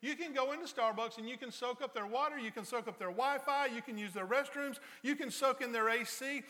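A man with a high, bright, forceful voice preaches in a church, slipping into playful sarcasm as he spins everyday stories. His words ring out with a long reverb from the sanctuary around him. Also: fairly quick. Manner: joking storyteller, playful sarcasm. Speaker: pastor. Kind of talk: conversational sermon.

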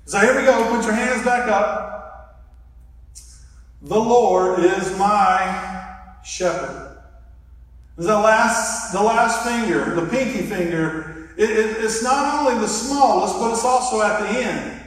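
A male pastor delivers a sermon in an earnest, reflective way, leading his listeners step by step. His voice sits fairly high for a man. It is picked up from well back in a large church hall, with a heavy, long-ringing echo. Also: animated, normal speed, a bit bright. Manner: earnest, reflective, leads the audience through a hand gesture exercise. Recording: echoey hall from far off.

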